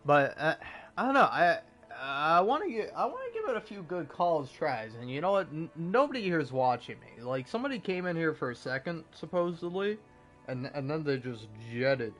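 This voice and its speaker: A man in his forties with a gravelly smoker's voice, giving rambling, self-mocking, profane commentary while streaming a game. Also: on the high side, sing-song, moderate pace, a bit bright, soft background music. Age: 40s. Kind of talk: casual gameplay commentary.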